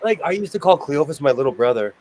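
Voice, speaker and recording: A man from California hosting a sewing stream, talking in a quick, chatty way. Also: a little high, very animated, crowd noise, poor audio. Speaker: sewing channel host. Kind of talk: casual livestream chat.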